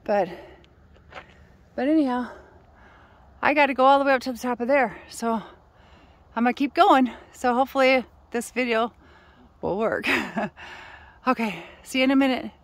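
A woman's voice: normal speed, long pauses, dry recording. Breathless woman vlogging on a hike. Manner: rambling, calls her dog in high shouts. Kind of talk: casual hiking vlog. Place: outdoors on a hill trail.

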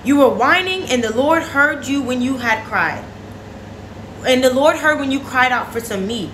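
A woman's voice: high voice, animated, moderate pace, a bit bright, slight background noise. A woman leading a casual daily Bible devotion, talking directly to her listeners in a conversational way. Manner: conversational, addresses listeners as y'all. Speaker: devotion leader. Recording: roomy echo.

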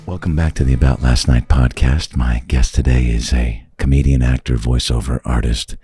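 A man's voice: rumbling low, fairly even intonation, warm tone, soft background music. A man hosting a comedy podcast, playful and riffing in casual banter. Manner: playful, riffing, quick to laugh. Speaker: podcast host.

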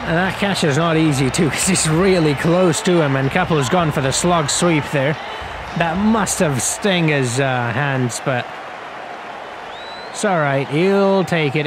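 Chatty young man commentating a game. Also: a little high. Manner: chatty, rambling, excitable on big shots. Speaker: gaming commentator. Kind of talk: casual play-by-play commentary over a cricket video game. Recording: loud crowd and game noise behind.

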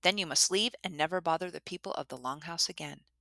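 A firm, unyielding young male hero from a spoken storybook, read by a woman. The voice is low, bright and dry. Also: fast talker, no room sound. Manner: firm, insistent. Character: determined young male hero, grown strong.

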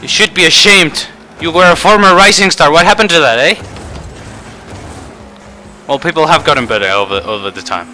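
A man giving frustrated live commentary over a car game, shouting outbursts and then muttering to himself. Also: on the high side, normal speed, long pauses, faint music behind. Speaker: gaming video creator.

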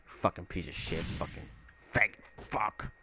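A man swearing nonstop at a video game while he plays, sliding from low grumbling into loud outbursts. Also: steady tone, a little slow, slight background noise. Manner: profane, swears constantly at the game; explodes into shouting when frustrated. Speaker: gamer. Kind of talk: raging gameplay commentary.

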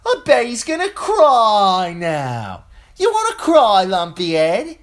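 A man's voice: sits high, wildly swooping pitch, takes it slowly, pitched above the performer's own voice, heavily acted. Lommie, a jeering orphan boy voiced by a man. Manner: jeering, taunting. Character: mocking orphan boy with a braying laugh.

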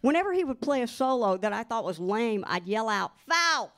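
A woman reading a first-person memoir aloud to an audience, expressive and lively, giving the quoted lines their own voices. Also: a little high, fairly quick. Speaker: guest reader.

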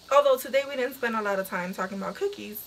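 A woman's voice: fairly high pitch, a bit bright, a little hiss or hum. A young woman hosting a casual live stream, talking to viewers while she keeps breaking into helpless, breathless laughter.

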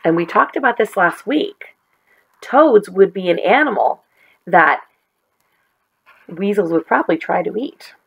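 A woman teacher reading a chapter book aloud to children in a gentle, expressive way. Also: mid-range voice, unhurried, gravelly, pauses often, husky, rough recording.

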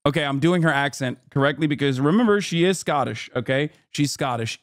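A man's voice: on the high side, brisk, few pauses, no echo, clean studio sound. A man hosting a live stream, talking bluntly and sarcastically in casual commentary, swearing often. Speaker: streamer host.

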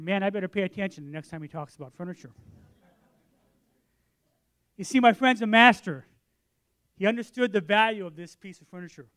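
A man with a notably high voice preaches from the pulpit of a church. He tells his stories with animated energy and acts out the voices of the people in them. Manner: animated storytelling, acts out his own voice and others'. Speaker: pastor. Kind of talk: sermon. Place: church sanctuary.

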